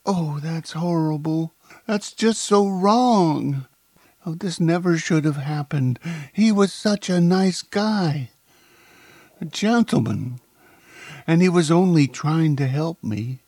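A man doing Monica, a frantic high-voiced woman. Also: unhurried, warm tone, breathy edge, no room sound. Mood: distraught. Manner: frantic, pleading. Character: distraught young woman caught in a scheme.

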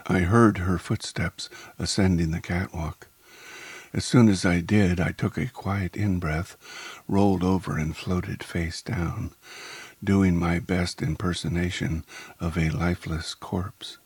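A man narrating a first-person story in a calm, unhurried way. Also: low-pitched, breathy edge, no room sound.

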